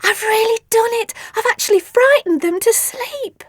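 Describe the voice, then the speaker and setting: Lady doing a cooing little girl, high and sing-song, baby talk. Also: big pitch swings, a little slow, darkish tone, dry recording, clean studio sound, heavily acted. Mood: triumphant. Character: cheerful young girl monster-sitter, gushing.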